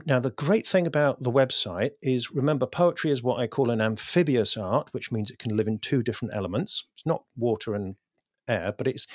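A man's voice: medium pitch, dry recording, clean studio sound. A man, a guest in a casual interview, explaining ideas thoughtfully with frequent restarts. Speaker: podcast guest, poet.

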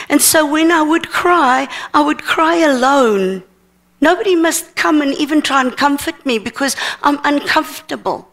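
This middle-aged ministry seminar teacher has a high, animated, fairly bright voice. Sharing a personal testimony, she's sincere and halting, often saying words twice.

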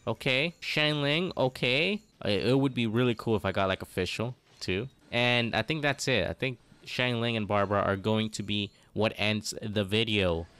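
A young man casually commentating his own game pulls, thinking aloud, losing count and getting excited over results. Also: on the low side, normal speed, hardly any pauses, clear, resonant tone. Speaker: gaming YouTuber. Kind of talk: casual gacha pull commentary.

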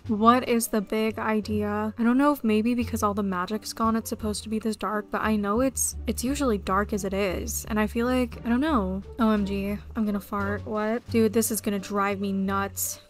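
Young woman rambling over gameplay, kinda high voice, gets worked up fast, soft music in the back. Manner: excitable, chatty, quick to frustration. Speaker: game streamer. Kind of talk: casual gameplay commentary.

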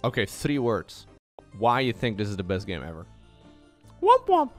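A man chatting casually and jokingly on his live stream, animated and playful. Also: normal speed, soft background music. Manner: joking, animated, with playful high-pitched squeals.

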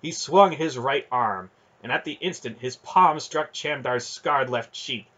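A man reading a fantasy novel aloud in steady storytelling narration. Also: medium pitch, measured pace. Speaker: audiobook reader.

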